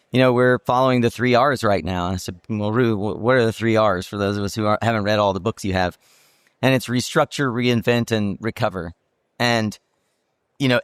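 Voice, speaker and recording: A man's voice: mid-range voice, clean tone, no room sound, clean studio sound. A man hosting a roundtable talk at a trade show, reflective and thinking aloud with many fillers. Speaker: podcast host. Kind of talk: roundtable discussion.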